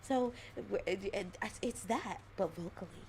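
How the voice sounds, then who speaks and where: A woman streamer in casual chat, soft-spoken and giggly, rambling as she talks. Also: mid-range voice, measured pace, hardly any pauses, a little hiss or hum.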